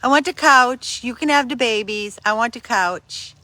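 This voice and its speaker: A woman hosting a casual live stream for a dog rescue from outdoors on her phone, greeting viewers by name and breaking into high sing-song baby talk with the dogs. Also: big pitch swings, measured pace, sharp tone, no echo. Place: outdoors in a yard.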